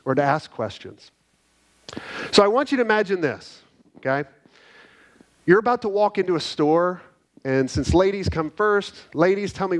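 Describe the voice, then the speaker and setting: A middle-aged man giving an energetic, animated conference talk, telling stories and checking in with the crowd with "right?". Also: a little high. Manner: energetic, animated storytelling with frequent "right?" tags. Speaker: conference speaker. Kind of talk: keynote talk to a live audience. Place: conference hall.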